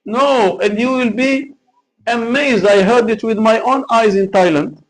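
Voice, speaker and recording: A man's voice: very high voice, measured pace, poor audio. A man teaching Quran recitation in a live lesson, explaining carefully and chanting example verses.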